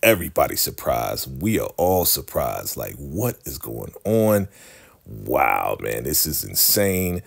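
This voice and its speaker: A man's voice: extremely low pitch, big pitch swings, slow, gravelly, breathy edge. A man casually recapping a TV episode, animatedly acting out the characters' lines. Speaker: TV recap vlogger.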